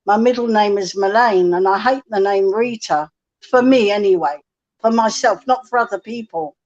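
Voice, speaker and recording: A woman's voice: medium pitch, moderate pace, a little mellow. Chatty woman telling stories, lo-fi sound. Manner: chatty storyteller, quotes others. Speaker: guest musician. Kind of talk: casual live-stream chat. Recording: dull lo-fi stream audio.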